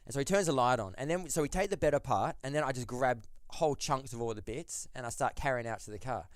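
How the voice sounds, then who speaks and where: A man's voice: mid-range voice, fast talker, no room sound, clean studio sound. A man telling a story as a podcast guest, rambling, with lots of "like" and restarts. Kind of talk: casual storytelling.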